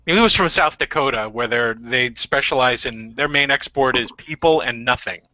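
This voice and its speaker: A man's voice: medium pitch, normal speed, sharp tone, dry recording. A man chatting and teasing his friends on a video call, joking as a co-host. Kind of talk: casual chat. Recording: dull lo-fi sound.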